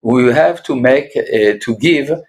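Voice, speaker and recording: Guy, rabbi in an interview, keeps pausing, lots of uhs, mid pitch voice. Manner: halting, many filled pauses. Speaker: rabbi and guest. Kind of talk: interview answers.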